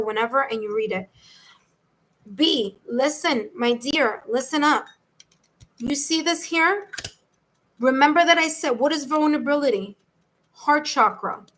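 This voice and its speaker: High, bright New York woman. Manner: chatty, reassuring, addresses viewers by name. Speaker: tarot reader. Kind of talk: live-stream tarot reading.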